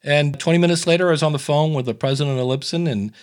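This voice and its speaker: Chatty man telling stories, slightly high voice. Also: fast. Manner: chatty storyteller who acts out quoted dialogue. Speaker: podcast coach and guest. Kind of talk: casual interview chat.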